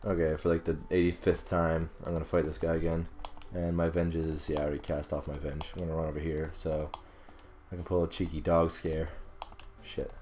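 A man's voice: extremely low pitch, little pitch movement, a little fast, darkish tone, a little hiss or hum. A young man giving casual, rambling commentary over his own gameplay, swearing often, laughing at himself and bursting out in frustration. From not British. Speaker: gaming commentator.

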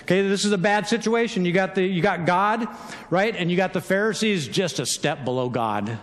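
Male pastor, high voice, animated conversational sermon, echo of a long church hall. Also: moderate pace. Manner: animated, conversational preaching with acted-out quotes. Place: church sanctuary.

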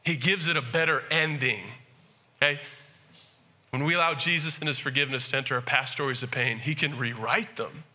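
A male pastor giving a conversational, animated sermon, with frequent asides and questions to the congregation. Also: mid-range voice, a little fast.

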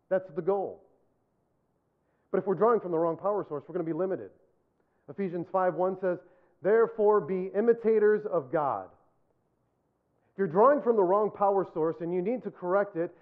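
Man, pastor, sermon, high voice, earnest, repeats points for emphasis, self-deprecating humor, tinny phone-like sound.

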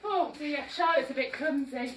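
High, bright woman leading toddler exercises. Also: normal speed, a little hiss or hum. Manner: upbeat, sing-song and encouraging, coaxing little ones along; moving and exercising while talking, a bit out of breath. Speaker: children's exercise class instructor. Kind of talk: live-streamed toddler action-song class. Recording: roomy echo, voice from a distance.

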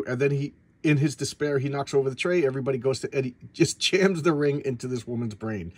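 A man's voice: mid-range voice, quick pace, few pauses, dry recording. A man from the United States, about fifty, chatting casually about old comic books, rambling and repeating words as he retells the story. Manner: rambling, repeats words, acts out characters in paraphrase. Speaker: comic book collector reviewing back issues. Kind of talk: casual video review chat.

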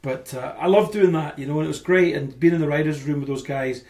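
A man in his forties with a Canadian accent, telling stories as a podcast guest in an animated, chatty way. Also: on the high side, fast. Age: 40s. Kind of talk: casual chat.

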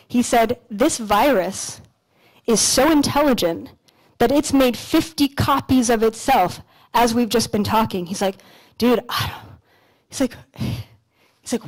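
A young woman from Canada giving a motivational talk on a conference stage, telling stories in a casual, animated way with some swearing. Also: on the high side, moderate pace, rough recording. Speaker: conference speaker. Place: lecture stage at an expo.

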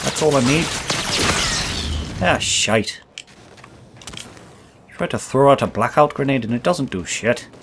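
With long pauses and a measured pace, a man in a mid-range, expressive voice plays a crude, taunting gamer as host, trash-talking through gameplay. The accent is put on, as he himself admits, and the talk is foul-mouthed and brash. Background noise is present.

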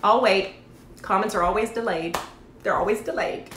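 A woman, chatting to livestream viewers and telling a story, with lots of animated asides. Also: mid-range voice, moderate pace, a little hiss or hum. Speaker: network marketing livestream host. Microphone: phone or webcam livestream. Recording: echoey room.

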